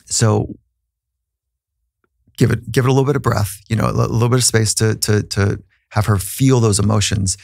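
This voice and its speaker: Earnest man with a gravelly voice. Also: on the low side, steady tone, moderate pace, long pauses, darkish tone, no echo, studio quality. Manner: earnest, reflective, frequent restarts. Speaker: psychologist. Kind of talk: podcast interview, personal storytelling.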